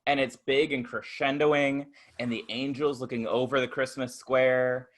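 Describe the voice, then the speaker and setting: A man co-hosting a podcast in casual chat, gushing and animated, breaking into laughter. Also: medium pitch, unhurried. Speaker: podcast co-host.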